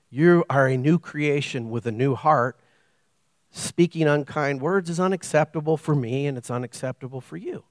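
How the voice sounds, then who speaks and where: A middle-aged man preaching a sermon as pastor, telling stories with animated delivery and acting out dialogue. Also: fairly high pitch, moderate pace, no echo, clean studio sound. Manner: animated storytelling, acts out dialogue.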